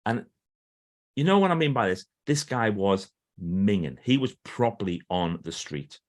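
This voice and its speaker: Low-voiced man telling lively stories. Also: normal speed. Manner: animated storyteller who acts out quoted speech. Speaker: guest author and trainer. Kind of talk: storytelling in a podcast interview.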